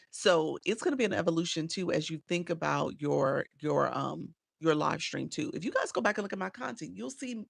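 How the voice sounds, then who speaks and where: A middle-aged woman talks casually to her live-stream viewers, reading their comments aloud and laughing often. Her voice has a gravelly, fry-touched edge. The sound is close and dry, with no room echo. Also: deep voice.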